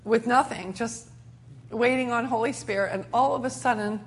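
A woman's voice: on the high side, moderate pace, a little hiss or hum. A middle-aged woman preacher telling a sermon testimony in an earnest storytelling way, with many restarts.

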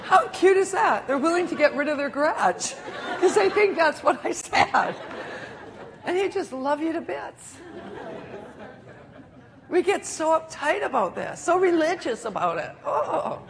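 High-voiced older woman preacher. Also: a little slow, a crowd in the background. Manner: animated, laughing often, acting out quotes. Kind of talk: sermon.

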